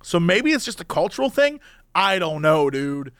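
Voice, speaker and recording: A man's voice: high-pitched, normal speed, clear, resonant tone, dry recording, clean studio sound. A man co-hosting a podcast in casual chat, telling stories with lots of energy and slipping into impressions. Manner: animated storyteller who slips into voices. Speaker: podcast co-host.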